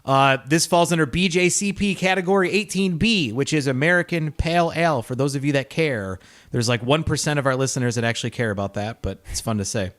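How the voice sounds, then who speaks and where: A man's voice: on the high side, brisk, a bit bright. A man co-hosting a casual beer-review podcast, upbeat and chatty, laughing often. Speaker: podcast co-host.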